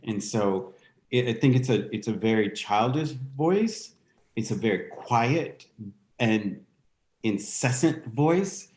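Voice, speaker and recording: A man's voice: medium pitch, expressive, takes it slowly, darkish tone, roomy sound. A man speaking as a guest in a candid interview, reflective and thinking aloud with restarts. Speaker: guest dancer.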